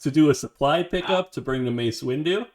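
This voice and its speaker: A man's voice: a little high, fairly quick, noisy background. A man co-hosting a podcast, recapping episodes in casual chat and laughing often.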